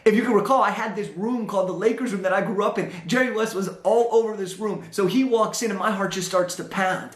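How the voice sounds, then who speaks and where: Young male motivational speaker, high, animated storyteller, echoey hall sound. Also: fast talker, hardly any pauses. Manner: animated storyteller, acts out dialogue. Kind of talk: storytelling talk on stage.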